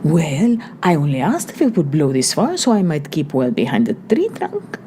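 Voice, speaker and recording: A woman's voice: low-pitched, big pitch swings, dark tone, a little hiss or hum. Woman doing a nervous young gypsy man. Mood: uneasy. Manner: slow, anxious, wondering.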